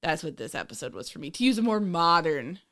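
A woman co-hosting a podcast, chatting casually in a rambling, animated way, with frequent swearing and laughter. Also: low voice, quick pace. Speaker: podcast co-host. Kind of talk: casual chat.

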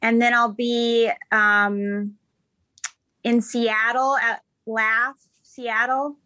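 Woman, high bright voice, dry close sound, chatty comedian guest. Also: level tone, dry recording. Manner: chatty, fillers and quick asides. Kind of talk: casual interview chat.

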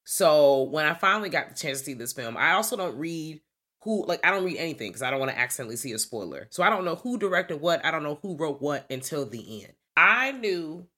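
A woman co-hosting a podcast in casual movie review chat, animated and emphatic, swearing playfully. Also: low voice, a little fast. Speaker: podcast co-host.

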